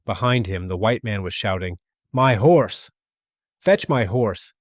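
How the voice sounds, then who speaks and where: A man narrating a classic short story as an audiobook, in a steady, measured reading. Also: lowish voice, no echo. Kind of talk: scripted literary narration.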